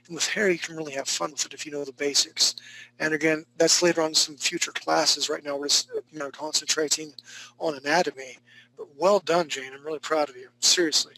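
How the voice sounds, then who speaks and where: A man's voice: on the high side, steady tone, brisk, sharp tone, rough recording. A man teaching a live online drawing class, critiquing student work in a joking, laid-back, chatty way. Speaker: art instructor.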